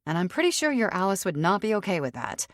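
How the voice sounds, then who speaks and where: A woman's voice: medium pitch, sing-song, fast talker, no echo, studio quality, pitched above the performer's own voice, close to an everyday voice. Woman voicing a feisty, sarcastic werewolf girl. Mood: fierce. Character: petite, feisty young female werewolf, sarcastic.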